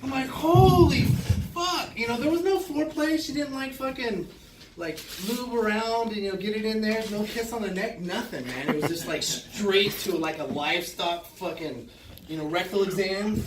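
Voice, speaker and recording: A male stand-up comedian telling a crude, profane story, acting out his own reactions in loud bursts. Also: high-pitched, normal speed, roomy sound, recorded from a distance, background noise. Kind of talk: stand-up set. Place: small comedy club stage. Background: audience laughter.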